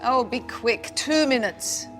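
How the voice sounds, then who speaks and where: A woman's voice: on the high side, lively intonation, slow, music in the background. An actress playing a stern judge who keeps order in her court. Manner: commanding, sharp.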